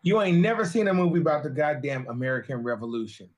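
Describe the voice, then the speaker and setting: A man's voice: fairly high pitch, animated, fast, darkish tone. A man co-hosting a podcast, ranting in profane, joking bursts during casual chat. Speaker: podcast co-host.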